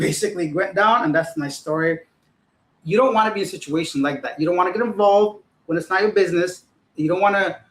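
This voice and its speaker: A man's voice: high voice, roomy sound, poor audio. A young man casually telling a rambling, profane story to his livestream audience as host. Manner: rambling, profane, animated retelling.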